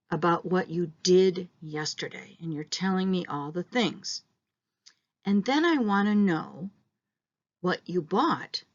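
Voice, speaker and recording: Woman teacher, slow and deliberate, slightly low voice, models questions aloud for students. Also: dull audio. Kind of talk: recorded English pronunciation lesson.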